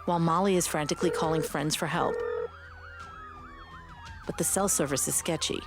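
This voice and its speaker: Low-voiced woman narrating true crime. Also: steady tone, normal speed, music in the background. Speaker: podcast co-host.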